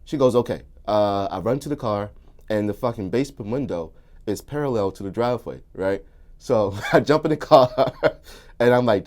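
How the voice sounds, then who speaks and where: A young man telling a crude story in casual chat, animated and bursting into shouts and laughter. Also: lowish voice, fairly quick. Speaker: comedian guest.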